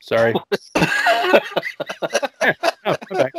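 A man's voice: mid-range voice, a little slow, fairly bright tone, no echo. A man hosting a casual movie-review podcast, rambling through the plot with jokes and swearing. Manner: joking, profane, rambling. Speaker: podcast host.

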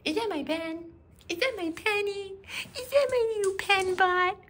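A man's voice: extremely high pitch, bright, forceful tone, a little hiss or hum, pitched above the performer's own voice. A man cooing at a pet in a put-on, doting baby-talk voice. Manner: gushing baby talk, drawn-out and slow.

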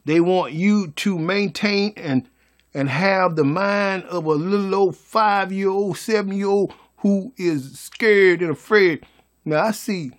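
A man giving a folksy, preachy motivational monologue as a vlogger. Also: high voice.

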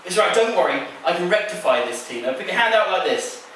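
A stage magician on a large theater stage does a card trick, teasing his volunteer with playful patter. His voice is high with big pitch swings, fairly quick and a bit bright. The recording is echoey and distant, with a little hiss or hum.

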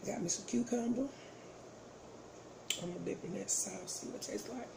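A woman's voice: mid-range voice, normal speed, gravelly, very noisy. A woman chatting casually with her viewers while eating on camera, playful and savoring each bite. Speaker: mukbang vlogger. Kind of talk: casual eating vlog chat.

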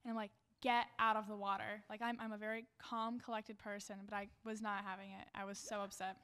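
A woman's voice: mid-range voice, level tone, fast, a bit bright, clean tone. A young woman co-hosting a student podcast, telling a work story in a chatty way and often saying "like". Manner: chatty, says "like" often, acts out quotes. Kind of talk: casual storytelling.

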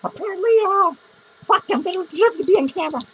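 In an improvised comedy podcast monologue, a man plays a drunk, lonely, foul-mouthed female clown who rambles, curses constantly and grumbles in a cranky mood. His voice is very high, animated and quick, and the audio sounds dull.

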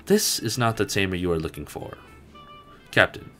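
A man voicing a dignified, noble dojo master who speaks in a grand, formal, measured way. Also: low voice, pushed and bright, faint music behind. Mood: solemn.

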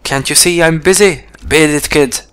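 A man's voice: on the high side, normal speed, a bit bright, faint music behind, pitched above the performer's own voice, natural voice. A man reading the lines of a grumpy, heartbroken male mechanic who is curt and dismissive. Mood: irritated.

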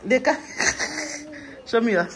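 A woman's voice: sits high, lively intonation, takes it slowly. A woman vlogging casually at home, coaxing and calling her dogs and laughing often. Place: home indoors.

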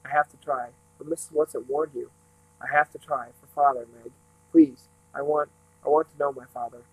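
A man's voice: fairly high pitch, steady tone, moderate pace, breathy edge, dry recording, poor audio. A man voicing a small, serious, determined boy in an earnest reading.

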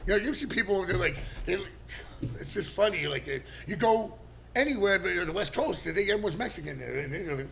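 A middle-aged man, telling stories as a podcast guest. His voice is gravelly and sits a little high, and he swears and shouts as the story builds. A faint hiss of room noise sits under the talk. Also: animated, fairly quick. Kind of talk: casual storytelling.

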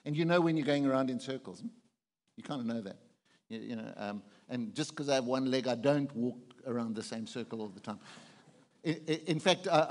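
Man, pastor, conversational sermon, asks the congregation questions, mid pitch, reverberant hall. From South Africa.

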